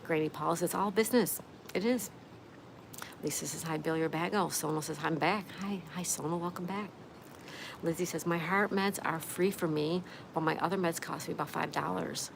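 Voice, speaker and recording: A woman's voice: lowish voice, moderate pace, vocal fry, background noise. Chatty woman reading live comments. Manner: reads viewer comments aloud, chatty and friendly. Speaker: livestream host. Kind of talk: casual livestream chat reading comments.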